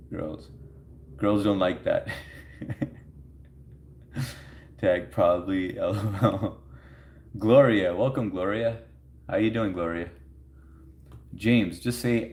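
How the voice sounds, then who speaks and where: A man with a deep, darkish voice runs a livestream, talking casually with his audience. The room echoes as he reads their comments aloud and laughs often.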